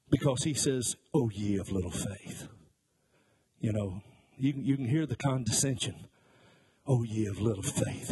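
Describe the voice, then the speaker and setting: Middle-aged pastor guy, husky voice, kinda high for a man, folksy preaching with jokes. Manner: folksy storytelling with jokes and asides; acts out voices in his stories. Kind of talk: sermon.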